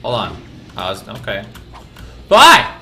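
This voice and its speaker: A man commenting on his gameplay, loud and profane, swearing at enemies. His pitch swings wildly between low mutters and high yells, with a bright tone. Faint game music plays behind him. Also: very animated, a little slow. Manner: loud, profane, rowdy outbursts. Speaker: gaming channel host. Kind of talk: let's play commentary. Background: game audio and music.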